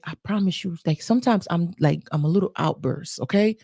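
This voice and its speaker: A Jamaican mother hosts a live stream, speaking earnestly and emotionally in heartfelt talk, often repeating herself and addressing viewers directly. Her lowish voice is fairly quick, creaky and mellow with a breathy edge. The dry recording has clean studio sound.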